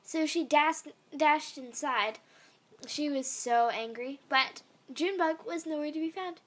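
A woman's voice: sits high, measured pace, a bit bright. A woman reading a fan story aloud in a meandering way, with casual asides and fillers. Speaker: fan fiction reader.

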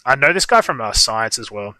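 A man's voice: mid-range voice, big pitch swings, fairly quick, bright, forceful tone, dry recording. A young man, co-hosting a livestream and telling a long story in casual chat full of fillers. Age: young adult. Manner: rambling storytelling with frequent fillers. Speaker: livestream co-host.

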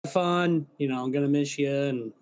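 A man's voice: on the high side, normal speed, a little mellow. A man co-hosting a podcast, chatting casually and rambling, swearing now and then. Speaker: podcast co-host. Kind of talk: casual chat.

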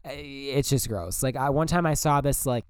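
A man's voice: mid-range voice, normal speed, clean tone, no room sound, clean studio sound. A young man hosting a solo podcast, talking bluntly and profanely in a rambling casual way full of "like". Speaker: podcast host.

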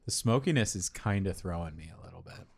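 A man's voice: low voice, lively intonation, fast, gravelly, breathy edge. A man co-hosting a beer tasting podcast, talking casually and rambling, laughing a lot. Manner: rambling, laughs a lot, does silly voices. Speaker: podcast co-host. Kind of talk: casual chat tasting beers.

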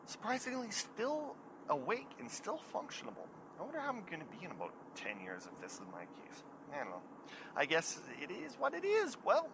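A man's voice: a little high, noisy background. A man, hosting his own show and telling a casual story, chatty and laughing at himself now and then. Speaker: podcast host.

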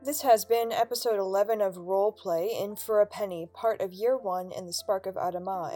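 A woman narrating a tabletop game as game master, animated and giggly. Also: medium pitch, brisk, hardly any pauses, faint music behind. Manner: animated, laughing storyteller.

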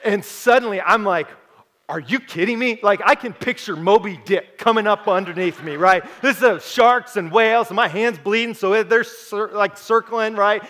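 A young adult male pastor preaching a sermon, telling a personal story with animated energy before turning soft and earnest. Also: high-pitched, moderate pace, hardly any pauses.

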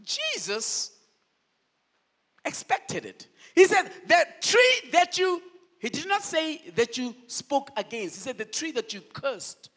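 A man's voice: very high-pitched, takes it slowly. A male pastor preaching a sermon, firing call-and-response questions at the congregation. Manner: animated, shifts between loud declaring and quiet asides.

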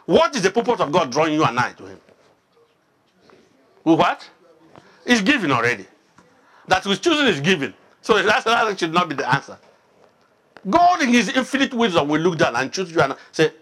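A man preaching to a small congregation. His voice sits a little high and swings widely in pitch, and he keeps quizzing his listeners with questions. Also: big pitch swings, normal speed, long pauses, a bit bright. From Nigeria. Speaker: pastor. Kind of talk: interactive sermon, Bible study.

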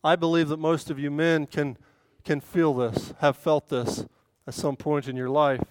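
A woman giving an earnest sermon and reading scripture aloud, swelling loud and emphatic on key points. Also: sits low, steady tone, measured pace, dry recording. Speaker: women's speaker at a church service.

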